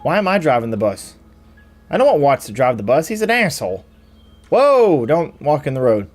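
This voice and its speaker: A man's voice: fairly high pitch, very animated, normal speed, soft background music. A man hosting a let's play, casually recapping the story and joking wryly as he plays. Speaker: gaming channel host.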